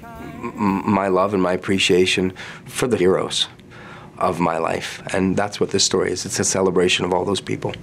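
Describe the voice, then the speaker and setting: A man's voice: low voice, little pitch movement, moderate pace, vocal fry. A male singer as an interview guest, telling stories in a chatty, playful way. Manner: chatty storyteller, warm and playful. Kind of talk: casual interview chat.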